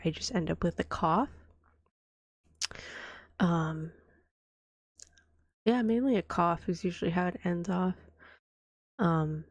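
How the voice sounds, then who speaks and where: Whispered role-play: young woman, hoarse from a cold, low gravelly voice, dry close mic. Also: no room sound. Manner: chatty, soft and breathy, often drops to a whisper. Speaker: vtuber streamer.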